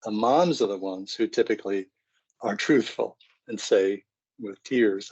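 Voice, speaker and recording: A man's voice: on the low side, a little slow, darkish tone, breathy edge, dull audio. Middle-aged man giving a parenting talk. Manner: conversational, acts out scenes. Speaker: psychologist speaking to parents.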